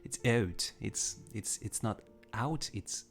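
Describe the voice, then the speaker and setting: This livestream host is a native French speaker with a lowish, creaky voice and an unhurried delivery. He rambles through casual chat, often starting sentences over while responding to viewers' comments.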